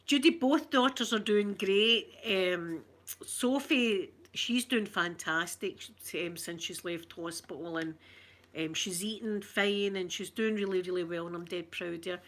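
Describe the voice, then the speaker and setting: Bright-voiced chatty Scottish woman. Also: mid-range voice, measured pace. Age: middle-aged. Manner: chatty, rambling storyteller reading out viewer comments. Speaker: ASMR streamer. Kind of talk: casual live chat.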